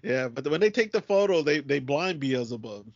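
A man's voice: mid-range voice, lively intonation, normal speed, no room sound. A man co-hosting a cartoon podcast, laid-back and agreeable, adding plot details. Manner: laid-back, lots of yeahs and laughs. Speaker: podcast co-host. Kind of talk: casual chat. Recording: dry, dull lo-fi sound.

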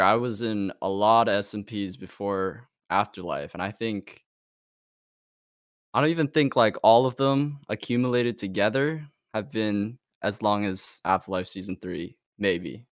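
A man's voice: fairly low pitch, unhurried, no room sound, studio quality. A man in a casual group podcast, upbeat and supportive of the others.

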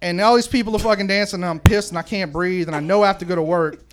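A man's voice: high voice, fairly even intonation, racing, background noise. A middle-aged man telling a rambling, profane story on a live podcast in a sports bar, often correcting himself. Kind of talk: casual storytelling in front of a live audience.

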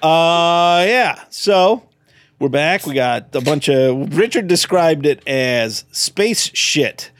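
A man's voice: on the high side, lively intonation, slow pace, no room sound. Rambling man co-hosting a film podcast. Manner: rambling, joking, self-interrupting. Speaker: podcast co-host. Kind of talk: casual movie review chat.

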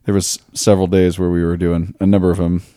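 A man's voice: sits low, level tone, fast talker, dark tone, dry recording, clean studio sound. A man who hosts a priest podcast, telling stories in an easygoing, casual way. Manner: easygoing storyteller.

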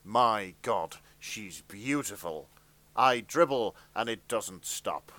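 Deadpan man reading comic fanfic. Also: on the low side, slow pace, dry recording. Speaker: narrator.

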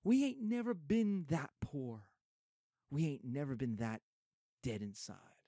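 A dignified older mother, voiced by a male teacher, speaking in a solemn, measured way with a lively tune in the voice. The sound is dry and close. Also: fairly high pitch, no echo, full character voice.

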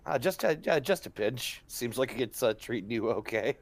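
Laughing, lively tabletop player guy. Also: medium pitch, moderate pace. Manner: laughs often, playful. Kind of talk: casual game chat with in-character bits.

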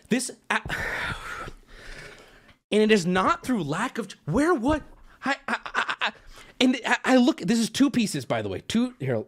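A man's voice: high-pitched, big pitch swings, measured pace, fairly bright tone. A man streaming, telling a long rambling story to his chat, cursing often, laughing at himself and mocking his own overreaction.

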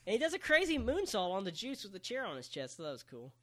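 A man with a fairly high voice talks through a match for a podcast in a relaxed, chatty way. He jokes as he goes and describes the action step by step. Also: quick pace. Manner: joking, play-by-play recap. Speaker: podcast co-host recapping wrestling. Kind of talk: casual chat.

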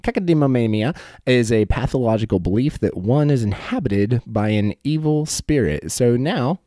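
A man's voice: mid-range voice, expressive, normal speed, warm tone, no echo, studio quality. A man narrating a tabletop horror game as game master, with vivid, playful description.

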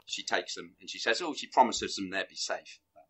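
A man in casual chat, rambling excitedly through a film plot with bursts of laughter. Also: low-pitched, fairly quick, slightly rough. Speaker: film reviewer guest.

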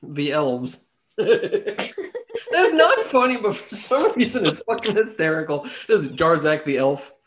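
A man's voice: fairly high pitch, sing-song, measured pace, fairly bright tone, slight background noise. A man narrating a tabletop game as game master, casual and swearing freely. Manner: casual, swearing, laughs easily.

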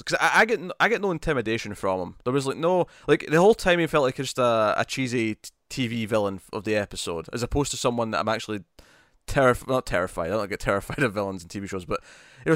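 A man in his casual podcast voice, lively and quick to laugh and tease. His pitch sits in the middle, and the recording is dry with no room echo. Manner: animated, laughing, teasing. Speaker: podcast co-host. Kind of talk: casual chat.

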